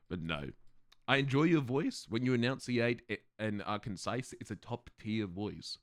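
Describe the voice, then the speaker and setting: A man's voice: mid-range voice, moderate pace, no echo, clean studio sound. A male streamer chatting casually with his viewers, swearing freely and laughing often. He has a slight lisp and slurs his words at times. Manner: animated, profane, laughs often. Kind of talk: casual livestream chat with viewers.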